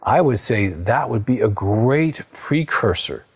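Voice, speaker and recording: Husky-voiced man giving earnest counseling advice. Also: fairly low pitch, expressive, takes it slowly. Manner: earnest, coaching, many "okay?" check-ins. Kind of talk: direct-to-camera advice talk.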